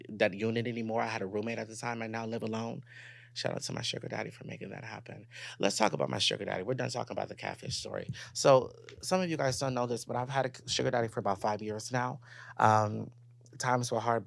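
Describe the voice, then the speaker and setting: A young man hosting a solo podcast, telling a personal story in a candid, profane, animated way and talking straight to his listeners. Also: lowish voice, fast, creaky, no echo. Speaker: podcast host.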